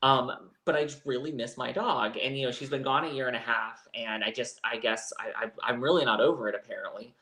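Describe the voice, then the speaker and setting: A man's voice: mid-range voice, brisk, few pauses, pushed and bright, echoey room. A man co-hosting a live chat show, telling a personal story in a candid, rambling way. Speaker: co-host. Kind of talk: casual chat.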